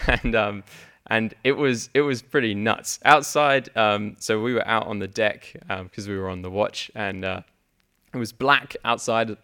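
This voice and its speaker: A young man preaching a sermon in a church, halting, with many fillers and restarts. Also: lowish voice, creaky, a bit bright. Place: church hall with congregation.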